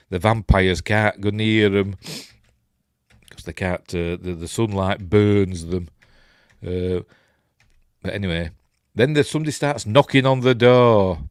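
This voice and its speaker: A man's voice: low voice, clean tone, no room sound, studio quality. A man with a Yorkshire accent casually recapping a film as he watches it, rambling with lots of ums and self-corrections. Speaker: film reviewer.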